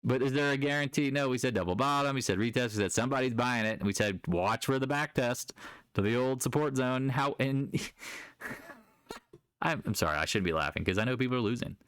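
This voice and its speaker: A man's voice: mid-range voice, brisk, a bit bright, clear, resonant tone, dry recording, studio quality. A man hosting a casual daily stock market recap, blunt and exasperated, often laughing at his viewers' trading mistakes.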